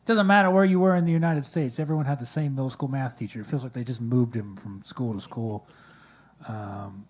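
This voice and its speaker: Man, stand-up comic at an open mic, dry, halting delivery, mid pitch. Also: slightly rough. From Maryland. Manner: halting, dry, many fillers. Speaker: stand-up comedian. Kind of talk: stand-up comedy set. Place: coffee shop open mic stage.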